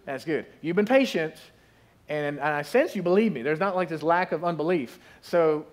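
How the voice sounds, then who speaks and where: Pastor, male, high voice, lively storytelling sermon with acted-out quotes. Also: moderate pace. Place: church sanctuary.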